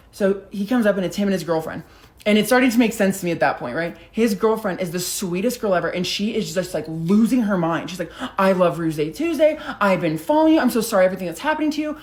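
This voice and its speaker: A young woman tells a storytime on her vlog. She talks in a loose, chatty way, swears freely and leans on filler words. Her voice sits at an ordinary middle pitch. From Denver, United States. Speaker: content creator.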